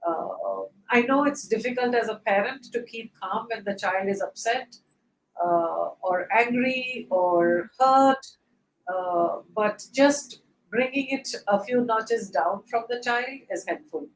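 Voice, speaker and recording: A woman giving calm, patient parenting advice as the expert on a webinar panel, pausing often with fillers. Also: fairly high pitch, echoey room, slight background noise, poor audio. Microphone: video call.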